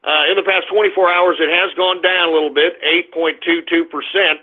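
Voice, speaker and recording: A man hosting a talk radio show, brash and profane, swinging from loud shouts to low mutters. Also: fairly even intonation, brisk. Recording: phone-like narrow band.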